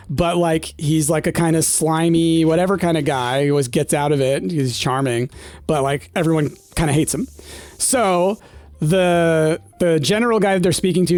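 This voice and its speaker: Guy in his 30s rambling on about old toys while gaming, kinda high voice, dry close mic, bit of music under it. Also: darkish tone, dry recording. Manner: rambling, nostalgic, many fillers. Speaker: gaming streamer. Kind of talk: casual chat while playing.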